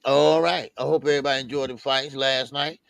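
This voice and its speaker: A man's voice: medium pitch, vocal fry, smooth, no room sound. A man co-hosting a live boxing talk stream, chatting casually and greeting viewers one by one in the chat. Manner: shouts out viewers with lively, drawn-out greetings. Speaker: boxing show co-host.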